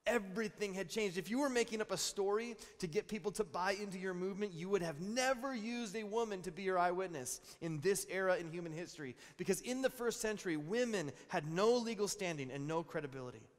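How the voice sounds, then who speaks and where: A pastor in his thirties preaching a sermon, telling stories with animated, repeated phrases. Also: sits high, fairly quick, hardly any pauses. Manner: animated storytelling with repeated words. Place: large church hall. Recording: long reverb in a church hall.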